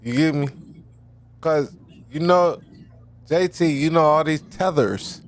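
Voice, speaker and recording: A man's voice: fairly high pitch, takes it slowly. A man in loose podcast banter, teasing and calling on the others by name.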